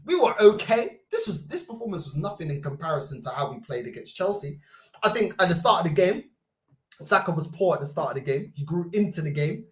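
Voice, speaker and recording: A young man, hosting a football fan livestream with loud, mocking banter and rapid-fire rhetorical questions. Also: fairly high pitch. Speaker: host. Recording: roomy echo.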